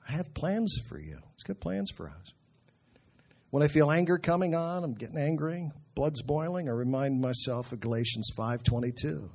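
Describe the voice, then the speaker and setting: Earnest husky-voiced man preaching. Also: medium pitch, big pitch swings, a little mellow. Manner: earnest, conversational, quotes scripture slowly. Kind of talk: sermon.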